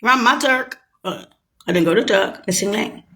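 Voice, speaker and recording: A woman's voice: mid-range voice, normal speed, sharp tone. A woman in a rambling, profane, sarcastic monologue, agitated and mocking. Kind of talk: ranting monologue to camera.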